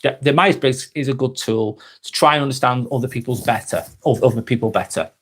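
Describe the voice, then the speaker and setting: A man in his forties with a Lancashire accent from near Manchester chats through a live stream. He reads out viewer comments and answers each person by name in a friendly, thoughtful way. His voice sits at an ordinary middle pitch for a man. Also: brisk, slightly rough. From Northwest England. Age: 40s. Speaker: live vlog host. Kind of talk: casual live-stream chat.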